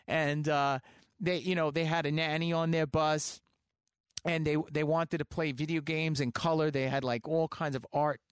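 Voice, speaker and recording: A man's voice: fairly high pitch, little pitch movement, moderate pace, clean tone, no echo, clean studio sound. A man in his thirties, a musician guest telling tour stories in a casual, chatty way, laughing often. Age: 30s. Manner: chatty, laughs often, restarts mid-sentence. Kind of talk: casual storytelling.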